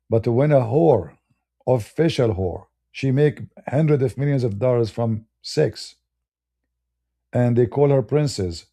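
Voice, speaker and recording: In a creaky, mellow voice of medium pitch, a Middle Eastern man with a matching accent launches into a heated, ranting monologue. He's a debater, and his broken English comes out blunt and full of scorn.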